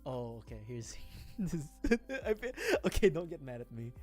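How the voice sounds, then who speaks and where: A woman's voice: extremely low pitch, very animated, normal speed, warm tone, faint music behind. A woman streamer chatting casually on a livestream, rambling, with frequent laughing fits and restarts. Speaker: VTuber streamer. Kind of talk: casual livestream chat while building a model kit.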